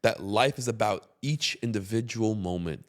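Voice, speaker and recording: A man hosting a casual interview, speaking earnestly and reflectively at a measured pace. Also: on the low side. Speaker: host.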